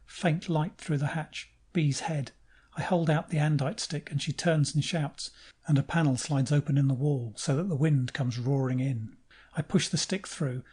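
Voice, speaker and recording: Male audiobook narrator, dark mellow tone, measured first-person reading. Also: fairly high pitch, breathy edge.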